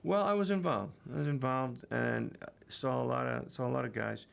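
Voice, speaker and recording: A middle-aged man, a guest actor in a casual radio interview, answering slowly with many pauses and uhs. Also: mid-range voice. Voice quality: gravelly. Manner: slow, halting, drawn-out answers full of uhs.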